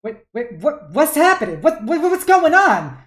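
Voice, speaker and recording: A woman's voice: mid-range voice, lively intonation, normal speed, darkish tone, echoey room, pitched above the performer's own voice, natural voice. A woman voicing a cheerful, chatty male shopkeeper who laughs and talks in a folksy way. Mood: panicked.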